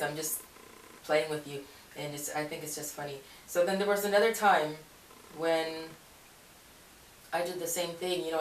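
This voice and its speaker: Woman, casual storyteller, keeps correcting herself and laughing; lower voice; recorded roomy and from a distance. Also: fairly bright tone, a little hiss or hum. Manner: rambling, self-correcting, laughs often. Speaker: Christian video blogger. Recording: echoey room, voice far from mic.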